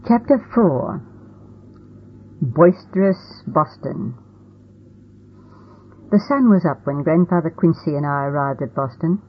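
Husky woman narrating a storybook. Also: deep voice, expressive, slow, long pauses. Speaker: audiobook narrator. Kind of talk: first-person storybook narration. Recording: tinny phone-like audio.

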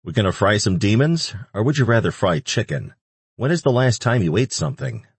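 A man's voice: fairly low pitch, very animated, a little fast, gravelly, slightly rough, no room sound, pitched above the performer's own voice, heavily acted. A man voicing a cheerful, playful male angel who teases his friend. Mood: teasing. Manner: teasing and upbeat.

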